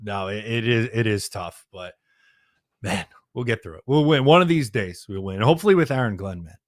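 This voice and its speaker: A man's voice: lowish voice, expressive, brisk, dry recording, clean studio sound. A man from Long Island hosting a casual sports podcast, easygoing and steering the talk. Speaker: podcast host.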